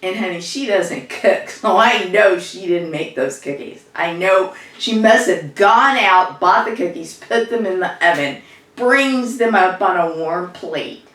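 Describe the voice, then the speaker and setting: Actress as a social worker, improvised monologue, slow rambling delivery, low-ish voice. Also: female voice, lively intonation, a bit bright. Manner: rambling, conversational storytelling with fillers. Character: adult woman social worker recounting a family row. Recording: echoey room, distant mic.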